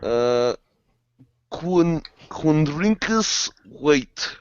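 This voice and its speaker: A man putting on a slow, deadpan Russian-accented guy. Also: on the high side, clear, resonant tone, dry recording, muffled recording. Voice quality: broken grammar, slow deadpan delivery. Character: man mock-boasting in a thick Russian accent.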